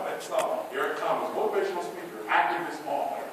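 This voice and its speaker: A man with a high voice delivers a fired-up motivational speech, challenging the crowd and then dropping to a hush. He sounds far from the mic in a big hall with long echo. Faint audience noise sits behind him. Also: fairly even intonation, a little fast. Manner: preachy, call-and-response, swings between loud and hushed. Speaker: motivational speaker.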